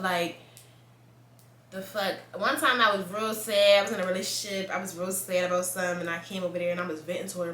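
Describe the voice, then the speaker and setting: A young woman speaking, talking straight to camera in a bright, forceful voice. She is blunt and profane and laughs often. The room is echoey, with a faint hum of ambience behind her. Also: fairly low pitch. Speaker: vlogger. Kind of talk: casual chat to camera.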